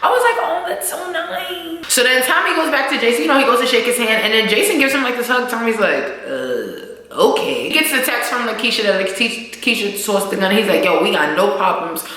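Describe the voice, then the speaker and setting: A young woman vlogger recaps a TV episode in slangy, casual talk, swearing freely and animatedly acting out the characters' lines. Her fairly high voice moves quickly with few pauses, in a very echoey room.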